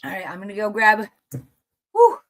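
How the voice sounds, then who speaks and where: A woman's voice: medium pitch, big pitch swings, a little fast. A woman hosting a casual livestream as a tarot reader, out of breath and chatting with viewers. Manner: chatty, reads viewer messages aloud.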